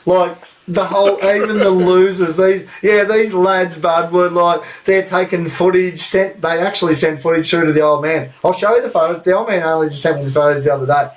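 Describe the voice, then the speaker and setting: Animated, sweary Australian young man. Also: high voice, brisk, hardly any pauses, poor audio. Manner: animated, sweary storytelling with laughs. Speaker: podcast co-host. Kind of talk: casual storytelling, live podcast.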